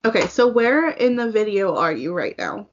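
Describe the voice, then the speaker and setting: A woman's voice: medium pitch, big pitch swings, normal speed, slight background noise. A young woman co-hosting a casual chat, gushing compliments with a giggly manner. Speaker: co-host. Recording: muffled lo-fi audio.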